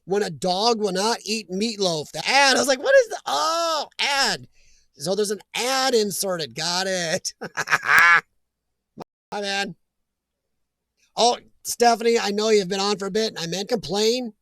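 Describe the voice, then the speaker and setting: Chatty high-voiced American man streaming. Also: measured pace, bright, forceful tone, no echo, clean studio sound. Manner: rambling, chatty, reads chat aloud. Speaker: live stream host. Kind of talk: casual live chat.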